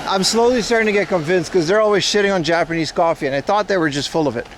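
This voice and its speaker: A man with a slightly high voice rambles and jokes with his stream chat while out on city streets. Faint traffic hums behind him. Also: quick pace. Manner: joking, loose, talks back to chat. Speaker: livestream host. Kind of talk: rambling casual chat to viewers.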